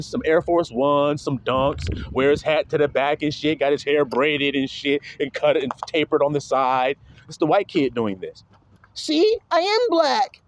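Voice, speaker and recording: A man's voice: fairly high pitch, dull audio, a little hiss or hum. A man preaching in a casual, blunt monologue, emphatic and profane, often mimicking other people's voices.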